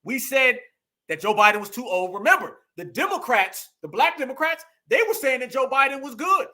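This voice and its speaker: Man, emphatic preachy host, repeats lines for punch, high bright voice. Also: sing-song, moderate pace. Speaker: political commentary host. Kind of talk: fired-up political monologue.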